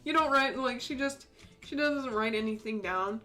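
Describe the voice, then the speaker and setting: A young woman giving casual, playful commentary while streaming a game, laughing often and throwing in mock cowboy yells. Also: fairly high pitch, moderate pace, faint music behind. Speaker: gaming streamer. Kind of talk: casual let's play commentary.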